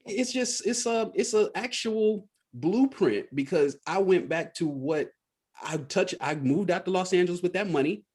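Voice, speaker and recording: A man's voice: high voice, expressive, moderate pace, darkish tone, slightly rough. A man, an actor and coach guest on a podcast, telling his story and laughing often. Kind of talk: casual interview.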